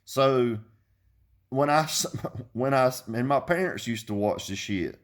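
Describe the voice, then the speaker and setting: This is a man in his fifties with a plain, mid-pitched voice, venting straight to the camera. He talks bluntly, swears without pause and circles back over his points. His delivery is that of an unscripted video rant. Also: animated. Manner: blunt, profane, repeats himself when heated. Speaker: car audio vlogger.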